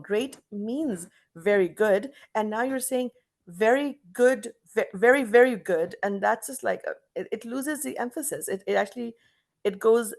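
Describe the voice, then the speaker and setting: A woman's voice: medium pitch, a little mellow. Middle-aged canadian-raised woman teaching english online, emphatic, lots of examples and restarts, video call sound.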